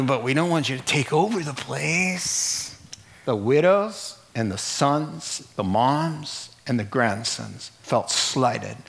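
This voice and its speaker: A man preaching a sermon as a pastor, animated and jokey, jumping up into high exclamations. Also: takes it slowly, gravelly.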